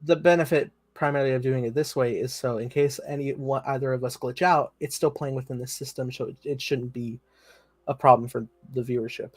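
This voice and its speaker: A man's voice: mid-range voice, steady tone, fairly quick. A man hosting a casual pop-culture podcast, explaining things in an easygoing way and laughing along. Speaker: podcast host. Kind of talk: casual chat reacting to a trailer.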